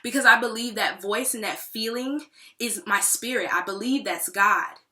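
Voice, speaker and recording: A woman's voice: on the high side, moderate pace, sharp tone. Candid, profane woman in an echoey room. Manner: candid, profane, rambling and emotional. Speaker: aspiring songwriter. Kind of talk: personal vlog diary. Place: New York City.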